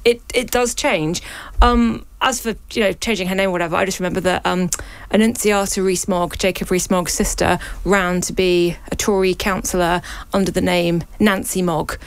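A woman's voice: lowish voice, steady tone, normal speed, clear, resonant tone, dry recording. A woman from North London, a panel guest in a studio discussion, who talks thoughtfully and earnestly with stammering starts.

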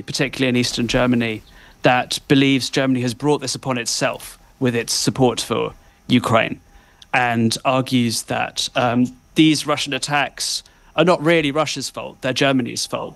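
A man speaking as a correspondent on a live radio interview, his voice edged with gravelly fry. He explains events in an articulate, analytical way with small pauses. The sound is dry and close, with no room echo. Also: medium pitch, fairly even intonation, fairly bright tone. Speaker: foreign correspondent.

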